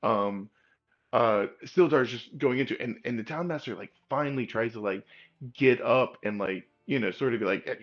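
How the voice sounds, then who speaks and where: A man's voice: mid-range voice, animated, moderate pace, dull audio, faint music behind. A man narrating as game master in a loose, rambling way, while losing his voice. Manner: loose, rambling with many fillers.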